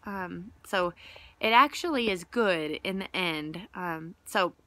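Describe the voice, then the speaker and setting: Bright earnest woman sharing faith. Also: lowish voice, slow pace, no echo. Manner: earnest, conversational, many "like" fillers. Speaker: Bible teacher and vlogger. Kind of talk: casual devotional talk.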